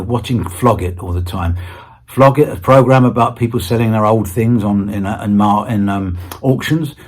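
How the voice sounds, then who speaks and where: A British man with a husky mid-range voice is an interview guest in a casual chat. He's playful and rambling, often stammering and restarting his sentences.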